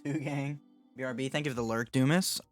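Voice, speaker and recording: A man's voice: medium pitch, brisk, soft background music. A young man chatting casually with his livestream chat while gaming, joking and making dramatic mock apologies. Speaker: streamer.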